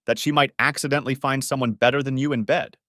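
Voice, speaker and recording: A man reading a story aloud, voicing a calm, level-headed wife who asks thoughtful, probing questions. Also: medium pitch, fast talker, dry recording, clean studio sound, pitched above the performer's own voice, lightly acted.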